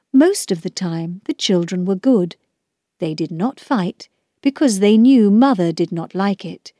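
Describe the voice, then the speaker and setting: A woman reading a children's book aloud as narrator, in a slow, clear, measured way. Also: mid-range voice, lively intonation, mellow, dry recording, clean studio sound.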